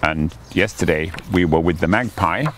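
An older man, a priest leading morning prayer outdoors in a garden, talking gently and chattily with a few fillers. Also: low voice, moderate pace, a little hiss or hum. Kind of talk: gentle devotional talk. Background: faint birdsong.

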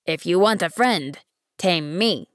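A woman voicing a wise, patient male fox in an audiobook, speaking in a measured, earnest way. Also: fairly low pitch, animated, no echo, studio quality. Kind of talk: audiobook reading.

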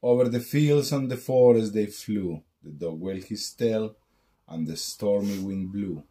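Deep-voiced man reading a bedtime story. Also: unhurried, dark tone. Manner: sing-song rhyming storytelling. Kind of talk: reading a picture book aloud.

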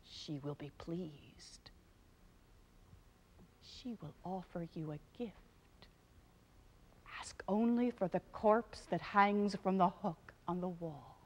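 A woman's voice: sing-song, extremely slow, hardly any pauses, long reverb tail, a little hiss or hum, exaggerated voice. A woman whispering as an old god of wisdom. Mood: hushed. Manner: low hushed whisper when giving orders.

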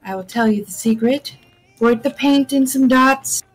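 A woman's voice: high-pitched, unhurried, low-quality recording. A young woman chatting casually as a guest on a live stream podcast, rambling with many fillers and restarts.

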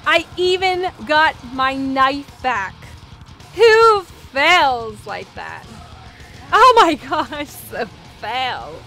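A young woman commenting on her own gameplay, giggling, squealing and reacting excitedly. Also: sits high, drawn-out words, soft background music. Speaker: gameplay video host.

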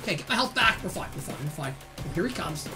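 A woman hosting a let's play, reacting with excited yelps and exclamations to a shooter game. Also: fairly low pitch, fast. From Canada. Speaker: gaming channel host. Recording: loud game music and gunfire behind.

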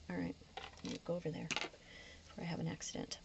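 On a dull lo-fi track with faint noise, a planner vlogger decorates and chats casually in a low-leaning, gravelly, sing-song voice, speaking a little fast. She frequently lapses into a whisper, and her voice is beginning to fade with tiredness.

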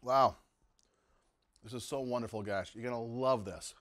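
A man's voice: mid-range voice, fairly even intonation, normal speed, fairly bright tone. A middle-aged man hosting a home cooking show, demonstrating recipes in his kitchen and relishing every bite with lots of mm and wow. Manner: enthusiastic, savoring food aloud with lots of mm and wow.

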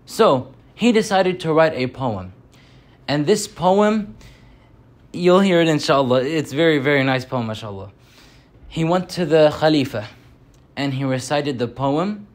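A young man giving a Friday sermon as a story, animated and slowing down on key points. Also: on the high side.

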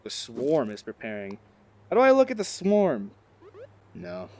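A man playing a VR game at home, giving casual, excitable commentary through a headset microphone. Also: mid-range voice, unhurried. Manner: excitable, exclaiming, joking. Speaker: gaming video creator.

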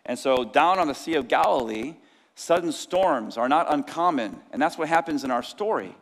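Energetic preacher in an echoing hall. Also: male voice, fairly high pitch, moderate pace. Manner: energetic preaching, acts out disciples' cries. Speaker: pastor. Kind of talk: sermon. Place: church sanctuary. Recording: long church hall reverb.

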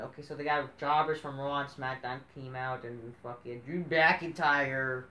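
A woman's voice: rumbling low, echoey room. A woman giving a profane, sarcastic rant reviewing a wrestling show, mocking and swearing constantly.

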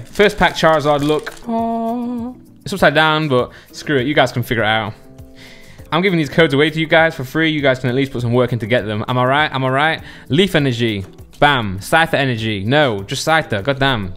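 Smooth-voiced guy opening card packs. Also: mid-range voice, a bit bright. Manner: chatty and jokey, reads card names quickly. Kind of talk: casual unboxing commentary.

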